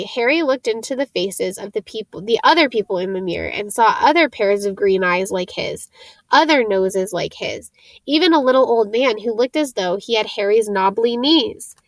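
A woman narrating an audiobook chapter in a gentle, steady storytelling voice. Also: a little high, normal speed, no echo. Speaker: audiobook reader.

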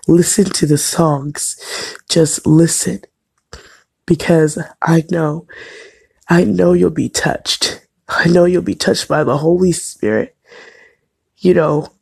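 A woman's voice: fairly low pitch, vocal fry, darkish tone, breathy edge. A woman radio host giving a fervent on-air devotional message, tearful and on the verge of crying, repeating her phrases as she preaches.

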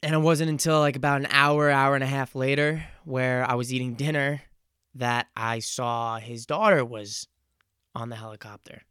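A man in his twenties hosting a solo podcast, talking in an earnest, reflective and halting way. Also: mid-range voice, fairly even intonation, fairly bright tone, smooth, dry recording, clean studio sound. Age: 20s. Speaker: podcast host. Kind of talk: casual solo podcast monologue.

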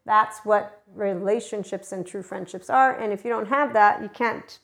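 A woman talking straight to her viewers in a loose spiritual monologue. She jokes, swears freely and laughs at herself, then turns earnest. Her voice sits at an ordinary middle pitch. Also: gravelly, a bit bright. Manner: chatty, swearing, laughing at herself, quick shifts of tone. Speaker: spiritual channel host.

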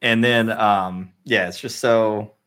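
A man's voice: lowish voice, fairly even intonation, takes it slowly, fairly bright tone. Gushing male podcast host. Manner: gushing, with many "like" fillers. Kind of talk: casual podcast discussion.

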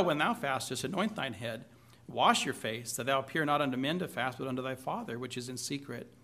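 Bright, forceful male preacher. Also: fairly high pitch. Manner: asks the congregation questions, light humor. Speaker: pastor. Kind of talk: conversational sermon with scripture reading.

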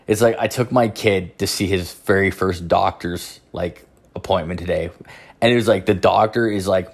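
A man's voice: deep voice, vocal fry. A man telling a story in a casual monologue, swearing constantly and rambling with lots of filler words. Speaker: podcast host.

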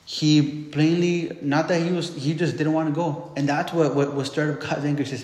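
A man's voice: on the high side, steady tone, moderate pace, few pauses, darkish tone. A man preaching a sermon, retelling scripture in casual everyday speech and acting out the voices of the people in it. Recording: echoey, reverberant hall.

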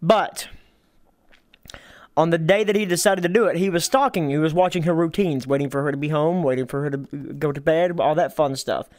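A man's voice: fairly high pitch, a little fast, no echo, studio quality. A man hosting a casual group podcast, joking and laughing often as he tells the story. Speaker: podcast host.

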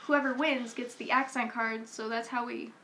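A young woman in casual family chat, explaining game rules haltingly and giggling often. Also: a little high, steady tone, pushed and bright, a little hiss or hum.

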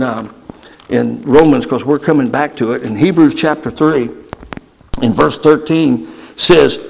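A male pastor delivering a sermon, moving between casual asides, sudden shouts and slow emphatic stretches. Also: fairly high pitch, gravelly, slight background noise, low-quality recording.

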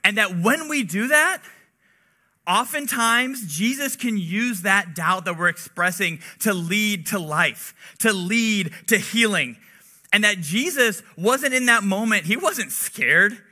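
A man's voice: high voice, lively intonation, takes it slowly, sharp tone. A young man preaching in a casual, conversational way, telling relatable stories and reading scripture, with lots of "like" in his speech. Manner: chatty, relatable, heavy use of "like".

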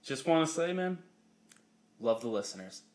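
A man's voice: on the high side, big pitch swings, normal speed. A young man co-hosting a podcast, telling a story in casual, profane chat and laughing often. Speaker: podcast co-host.

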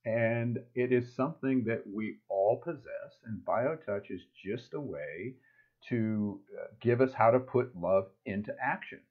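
A man co-hosting a casual weekly chat show, animated and laughing often, sometimes breaking into a high playful voice. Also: unhurried. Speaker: co-host. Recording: tinny phone-like line.

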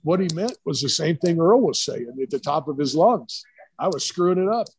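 A man's voice: fairly high pitch, lively intonation, moderate pace, a little mellow, husky, poor audio. A middle-aged man, a retired football coach, telling rambling stories in a casual interview. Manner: rambling, storytelling with quoted voices.

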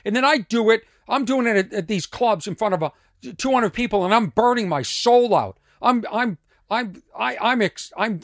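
A middle-aged man with a strained voice, a comedian telling a rambling story on his podcast, dropping to mutters and rising loud again. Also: sits high, no echo, clean studio sound. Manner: animated, swings from muttering to loud. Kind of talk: casual storytelling monologue.

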